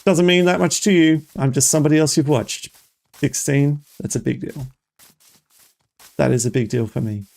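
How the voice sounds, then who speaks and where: A streamer giving excitable, chatty live gameplay commentary and talking straight to the viewers. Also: medium pitch, moderate pace, gravelly, pauses often.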